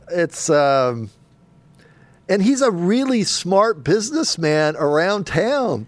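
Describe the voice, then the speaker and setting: Animated male sports talk host. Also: high-pitched, no room sound. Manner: animated, laughing, mock voices for emphasis.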